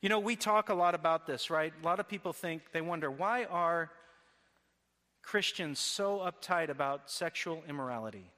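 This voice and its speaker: Bright-voiced male preacher, echoing hall. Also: on the high side, normal speed. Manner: earnest preaching with repeated restarts. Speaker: pastor. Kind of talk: sermon. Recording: long hall reverb.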